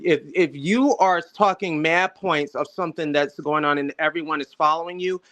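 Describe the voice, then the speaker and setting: A man with a somewhat higher voice than most men, hosting a casual online talk. He rambles, circles back to the same points and swears now and then. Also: moderate pace, fairly bright tone. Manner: rambling, repeats himself, swears. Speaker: panel host. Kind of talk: casual panel discussion. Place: online video call.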